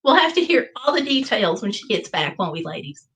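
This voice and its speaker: In a low-quality recording, a middle-aged American woman chats casually on her livestream, reading comments from viewers and telling corny jokes with playful energy. Her medium-pitched voice is sing-song and fairly bright, moving fairly quickly.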